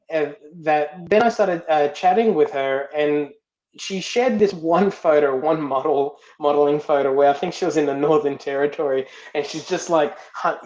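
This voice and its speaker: A man's voice: fairly high pitch, darkish tone. A man, a film director and guest, telling stories in a casual interview, often repeating words as he searches for them. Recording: roomy, dull lo-fi sound.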